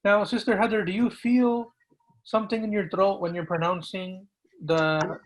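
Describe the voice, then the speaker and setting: A man, an imam, patiently teaching pronunciation and repeating words slowly to gently correct students. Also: high-pitched, little pitch movement, low-quality recording.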